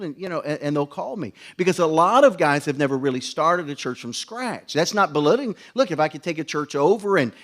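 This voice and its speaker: A man's voice: a little high, fairly bright tone. A middle-aged man preaching a conference sermon, folksy and joking, with stumbling restarts. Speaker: pastor.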